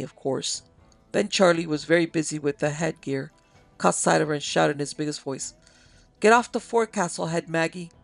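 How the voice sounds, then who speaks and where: Gravelly male storyteller, dry close sound. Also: a little high, no room sound. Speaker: narrator and producer. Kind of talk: audiobook reading of a classic sea story.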